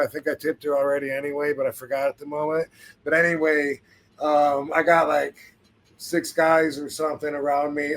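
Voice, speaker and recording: A man's voice: a little high, a bit bright. A man hosting a podcast, telling a story in a laid-back, casual way, swearing freely and laughing now and then. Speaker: podcast host.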